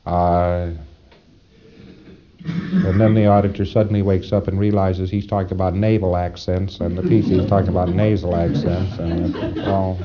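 A man's voice: sits low, little pitch movement, normal speed, slight background noise. A man giving a recorded lecture to trainees in a folksy, wry manner, chuckling often and acting out little exchanges. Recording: dull lo-fi old tape.

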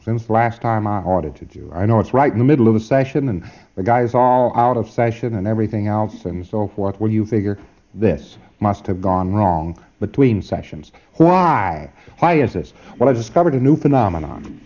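A man's voice: fairly low pitch, normal speed, dark tone, dull audio. A man giving an informal training lecture, emphatic and wry, often checking that his listeners follow.

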